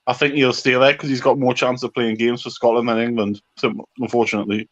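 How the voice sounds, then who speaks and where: A man's voice: medium pitch, flat delivery, quick pace, a bit bright, lo-fi sound. A man hosting a casual live stream, giving rambling, opinionated takes full of restarts.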